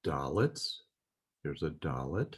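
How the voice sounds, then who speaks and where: Slow, deep-voiced man teaching Hebrew. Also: big pitch swings, slightly rough. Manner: slow, methodical explaining with fillers. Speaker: Bible language teacher. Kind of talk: recorded Biblical Hebrew lesson.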